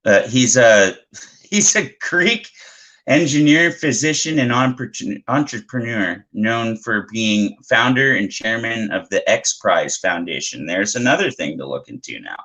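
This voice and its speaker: A man's voice: mid-range voice, lively intonation, unhurried, pushed and bright, low-quality recording. A man from Canada co-hosting a casual conspiracy podcast, laughing often and stumbling over words as he reads his research. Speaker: podcast co-host.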